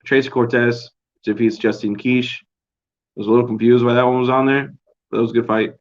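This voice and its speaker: This young podcast host's casual solo recap comes in a medium-pitched, level, brisk voice. Laid-back, profane, and rambling, he's captured on a dull lo-fi home recording.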